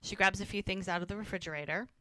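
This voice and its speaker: A woman co-hosting a podcast, recapping a TV episode in a lively, casual way and acting out the characters' lines. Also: mid-range voice, very fast, dry recording. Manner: animated retelling, acting out quoted lines. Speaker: podcast co-host.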